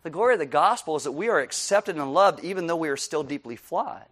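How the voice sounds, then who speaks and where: A male pastor delivers a lively sermon in a high, bright voice. He laughs easily, keeps asking his listeners "right?", and swings between loud punches and quiet asides. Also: fast. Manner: laughs often while preaching.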